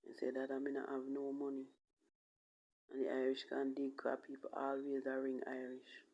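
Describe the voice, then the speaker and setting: A woman's voice: very deep voice, completely flat delivery, normal speed, a little mellow. A Jamaican woman from Jamaica telling her own life story in an emotional vlog, her voice often dropping to a whisper. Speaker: vlogger. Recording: dull lo-fi recording.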